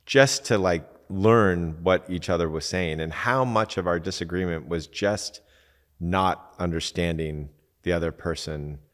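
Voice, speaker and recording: A man's voice: low-pitched, a little slow, a bit bright, in a large hall. A man talking casually as a relationship coach, full of fillers and acting out quoted back-and-forth exchanges. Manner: conversational, acts out quoted exchanges, many fillers. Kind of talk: casual teaching talk.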